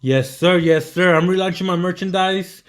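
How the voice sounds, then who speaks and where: A young man, the guest on a live stream, telling animated stories in casual chat, often saying bro and man. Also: high-pitched, moderate pace. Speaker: guest entrepreneur.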